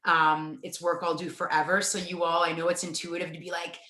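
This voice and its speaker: A woman hosting an interview, talking enthusiastically and slowing down to stress her points. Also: lowish voice, flat delivery, echoey room. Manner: warm, enthusiastic, slows down for emphasis. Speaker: podcast host. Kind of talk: casual interview chat.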